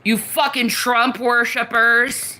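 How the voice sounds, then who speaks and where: Woman, slow and bright-toned, profane heated rant. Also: on the high side, fairly even intonation. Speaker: streamer in a played clip. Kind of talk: angry political rant.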